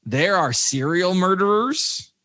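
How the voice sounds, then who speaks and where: A man's voice: sits high, animated, slow, bright, forceful tone. A man co-hosting a casual movie review podcast, rambling with many fillers and restarts, with jokey asides. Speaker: podcast co-host.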